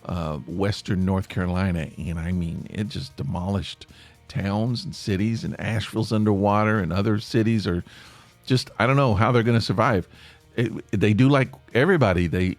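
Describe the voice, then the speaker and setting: Faint music plays behind a Tennessee podcast host whose East Tennessee Appalachian accent colors a chatty, rambling, storyteller-style monologue. He speaks at a normal speed in a voice on the low side.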